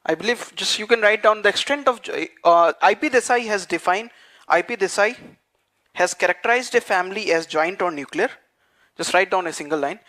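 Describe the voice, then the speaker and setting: A man teaching a class, dictating notes and repeating phrases slowly so students can write them down. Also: high-pitched, animated, sharp tone. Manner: frequent fillers like "what you call" and "okay". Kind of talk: dictated lecture.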